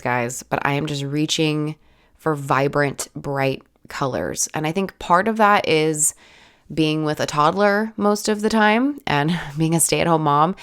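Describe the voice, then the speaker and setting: With a low, raspy voice and a head cold, a woman who hosts an art channel gives a chatty voiceover over art footage. She rambles casually, saying "like" a lot and often restarting.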